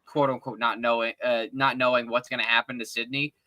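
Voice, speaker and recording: A man co-hosting a casual fan podcast, excitable and rambling, often restarting his sentences. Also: mid-range voice, a little fast, no room sound. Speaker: podcast co-host.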